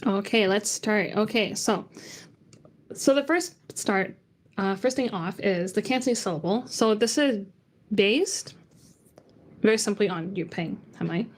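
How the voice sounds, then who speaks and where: A woman leads an online language lesson from her computer mic, talking in a loose, chatty way. She sings single syllables high and low to show each tone, then drops back into casual explaining. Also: measured pace. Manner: chatty, demonstrates tones by singing them out. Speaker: Cantonese teacher.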